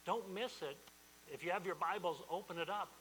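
A man's voice: high-pitched, a little fast, a bit bright, long reverb tail, slight background noise, rough recording. A man preaching a sermon as pastor, emphatic and repetitive, often restarting his phrases.

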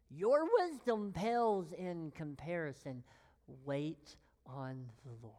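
A woman preaches a sermon in a fairly low voice, lingering on every phrase. She leans on long pauses and lets key words fall to a whisper. Her voice carries with a long reverb, as in a church hall. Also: a little mellow. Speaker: pastor.

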